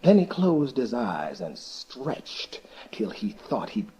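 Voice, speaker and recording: A man narrating a folktale for listeners in an animated, expressive storybook manner. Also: mid-range voice, takes it slowly, crowd noise, low-quality recording.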